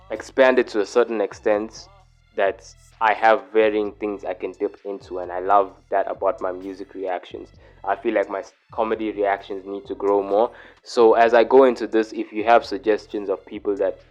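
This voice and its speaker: A man's voice: on the low side, lo-fi sound. A man from Africa hosting a reaction channel, chatting casually and directly to his viewers. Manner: relaxed, talks straight to viewers. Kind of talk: casual chat to camera.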